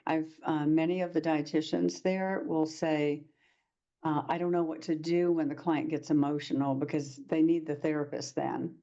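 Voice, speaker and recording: A woman's voice: low-pitched, fairly even intonation, moderate pace, warm tone, muffled recording. A woman presenting a workshop lecture to practitioners, talking in a conversational way and acting out short quoted exchanges.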